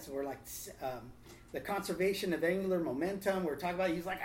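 A man telling a testimony and preaching to a small group, lively and acting out other people's lines. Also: sits high, fast. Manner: animated storytelling, acts out quotes. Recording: roomy echo, faint room noise.

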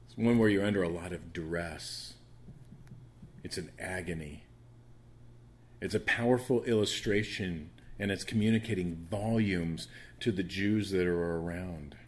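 A man's voice: deep voice, a little slow. A man with a soothing voice teaching a Bible study, rambling with frequent restarts and fillers.

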